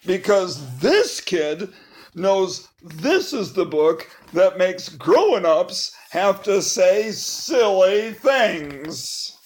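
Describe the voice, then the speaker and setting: A reader performing a children's book aloud, playful and mock-protesting, with exaggerated outbursts. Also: mid-range voice.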